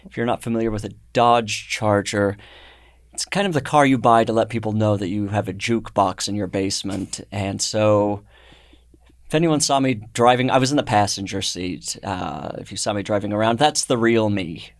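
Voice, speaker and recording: A man hosting a comedy podcast in a studio, delivering absurd jokes deadpan. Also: lowish voice, moderate pace, no room sound. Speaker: podcast host.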